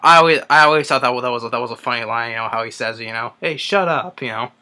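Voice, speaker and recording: A young man talks through a film's plot in a loose, rambling way, full of "um"s and false starts. His voice is bright and clear, and his pitch sits in the middle. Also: little pitch movement, rapid-fire. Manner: rambling, many fillers and restarts. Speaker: movie reviewer. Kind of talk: casual spoken movie recap.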